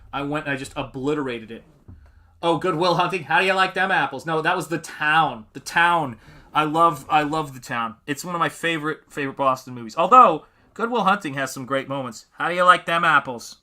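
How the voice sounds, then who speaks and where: A man's voice: medium pitch, pushed and bright. A man hosting a live painting stream, chatting casually and rambling as he reads out viewer comments. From New England.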